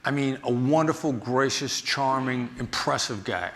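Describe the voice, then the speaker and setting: A man who teaches negotiation gives a storytelling talk, acting out the people in his anecdotes with lively voices. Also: mid-range voice, fairly quick. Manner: animated, acts out the people in his stories. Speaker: negotiation instructor and former FBI agent giving a talk.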